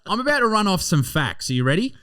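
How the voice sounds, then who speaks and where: Animated, swearing Australian man host. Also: high voice, quick pace, no echo. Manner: profane, joking, animated. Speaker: podcast host. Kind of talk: casual comedic podcast banter.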